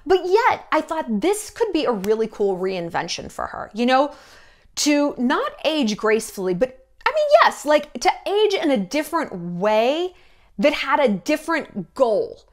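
A woman's voice: high-pitched, very animated, a little slow. A woman in her thirties talking in a blunt, gossipy, profane way in a casual commentary vlog. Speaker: YouTube commentator.

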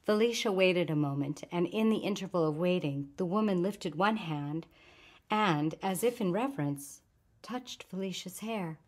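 A woman narrating a short story aloud in a calm, measured reading voice. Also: fairly low pitch.

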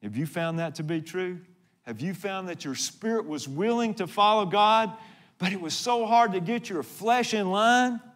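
High-voiced pastor preaching earnestly. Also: male voice, animated, moderate pace, a bit bright. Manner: earnest, dramatic storytelling with questions to the congregation. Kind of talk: sermon.

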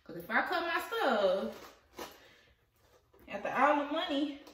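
A woman who runs a small business, chatting excitedly to her viewers while she unboxes a package, laughing often, with the camera set some way off. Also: sits high, a little slow, distant mic, a little hiss or hum. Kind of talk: casual vlog chat to viewers. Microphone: camera at a distance. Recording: echoey room, voice off-mic.

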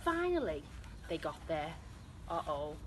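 A British woman, an infant school teacher, reading a picture book aloud to children in a slow, expressive read-aloud manner. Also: a little high, background noise. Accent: British English.

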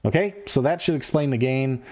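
A man's voice: mid-range voice, fairly quick, darkish tone. Middle-aged male tutorial host, casual and repetitive, folksy explainer, mid-range voice. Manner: plain-spoken, repeats himself, folksy explanations. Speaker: host of a radio-control gear channel. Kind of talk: casual screen-share tutorial.

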